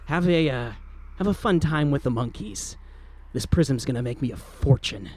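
A man's voice: medium pitch, expressive, normal speed, darkish tone, lightly acted. A man doing a sly gloating thief. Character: sly male vampire thief in disguise.

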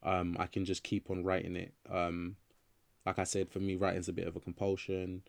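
Deep flat-voiced man, loose and rambling. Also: normal speed, vocal fry, dry recording. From England. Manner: loose, rambling, many fillers and restarts. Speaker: guest writer and actor. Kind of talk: casual interview chat.

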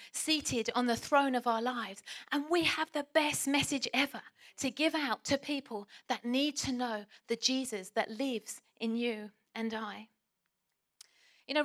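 A woman preaching a passionate sermon, swinging from loud exhortation to hushed whispers. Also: fairly high pitch.

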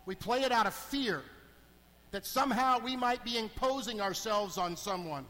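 A middle-aged man, a deacon, preaching a sermon in a church, animated and swinging between hushed asides and emphatic calls. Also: high-pitched, normal speed. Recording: long hall reverb.

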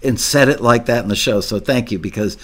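A man's voice: medium pitch, a little fast, a bit bright. Talkative male podcast host. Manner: enthusiastic, talkative, many restarts. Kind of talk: casual interview chat.

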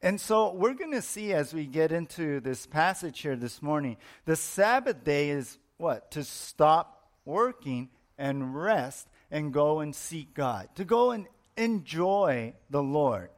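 A man's voice: a little high, very animated, slow pace. A middle-aged man, a pastor, preaching a sermon in an explanatory teaching manner, repeating his points for emphasis.

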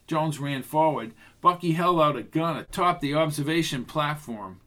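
Narrator: male, slightly high voice, steady scripted audiobook narration. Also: moderate pace, hardly any pauses.

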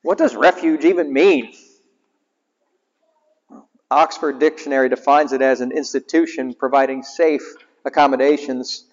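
A man's voice: on the high side, darkish tone. A male chaplain preaching a sermon in a conversational way and asking the congregation questions. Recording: muffled, echoing hall.

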